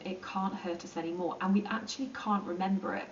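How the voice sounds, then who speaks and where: A woman's voice: medium pitch, fairly even intonation, slight background noise. Chatty woman teaching in an echoey room. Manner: chatty, with many ums and quick acted-out asides. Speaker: psychology teacher. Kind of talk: informal lesson explaining to camera. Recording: roomy, distant and dull.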